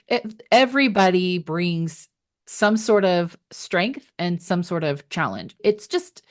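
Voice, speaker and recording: A woman's voice: lowish voice, lively intonation, slow. An older woman hosting a podcast, chatting casually and often agreeing with her guest. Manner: chatty, agreeable, frequent affirmations. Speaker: podcast host.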